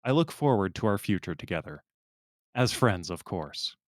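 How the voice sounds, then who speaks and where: A man reading the part of a pompous, self-important male Discord regular, delivering it earnestly with slowed, drawn-out endings. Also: on the low side, very animated, no echo, clean studio sound.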